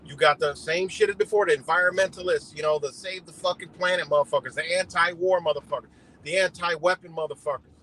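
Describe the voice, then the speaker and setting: A man's voice: fairly high pitch, steady tone, fast, a bit bright, slight background noise, low-quality recording. A man doing a rambling, profane political rant on a livestream, talking outdoors beside a road. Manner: heated, rambling, heavy swearing. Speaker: livestream host.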